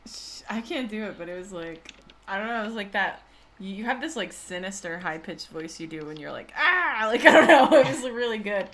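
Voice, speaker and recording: A woman co-hosting a drawing stream, chatting casually and excitably with lots of "like.". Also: mid-range voice, brisk, crowd noise. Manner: chatty, filler-heavy, excitable. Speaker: co-host and artist. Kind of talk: casual chat while drawing.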